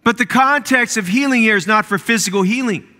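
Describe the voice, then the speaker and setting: High-voiced pastor preaching in a church hall. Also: male voice, brisk, sharp tone. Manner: preaching with rising fervor, repeating phrases for emphasis. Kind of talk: sermon. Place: church sanctuary.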